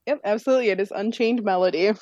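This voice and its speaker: A woman hosts a trivia game in a brisk, upbeat way, reading each question clearly. Her voice sits in a middle register. The recording is very dry, with no room sound. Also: medium pitch, a little mellow, no room sound, lo-fi sound. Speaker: quiz host.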